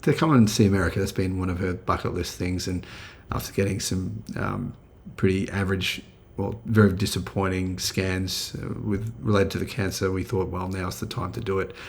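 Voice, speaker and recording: A middle-aged man with an Australian accent talks to his channel in an easy, chatty way, often restarting his sentences and filling pauses. His voice sits a bit low, with a gravelly fry. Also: fairly even intonation. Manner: chatty, with many fillers and restarts. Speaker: channel host. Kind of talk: casual video commentary.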